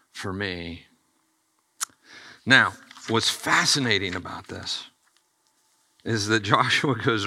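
A middle-aged male pastor preaching a sermon, animated and acting out the dialogue with rising excitement. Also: lowish voice, creaky.

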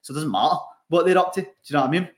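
A man's voice: on the high side, racing. A young Scottish man co-hosting a podcast, chatting casually with lots of swearing and laughter. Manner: animated, sweary, laughs often. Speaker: podcast co-host, online coach. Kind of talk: casual chat.

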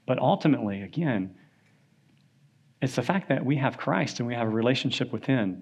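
A man teaching a Sunday school Bible lesson in a church classroom, casual and conversational, often checking in with "right?". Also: mid-range voice. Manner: conversational, often asks "right?", animated when telling a story.

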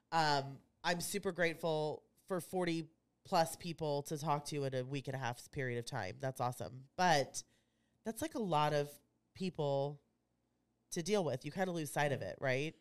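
A woman's voice: low-pitched, normal speed, clean tone. A woman, co-hosting a casual podcast as an insurance agent, chatty and rambling. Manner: chatty, rambling, laughs easily. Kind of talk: casual chat.

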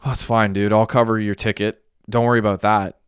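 A man's voice: fairly low pitch, little pitch movement, brisk, clean tone, no room sound, clean studio sound, lightly acted. A man reading the lines of a young man in an audiobook, in a plain casual delivery.

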